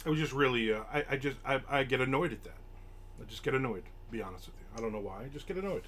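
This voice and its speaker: A man's voice: mid-range voice, lively intonation, fast talker, a bit bright, a little hiss or hum. An older man streaming from home, casually chatting and grumbling through a story while acting out the quotes. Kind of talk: casual chat. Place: home room.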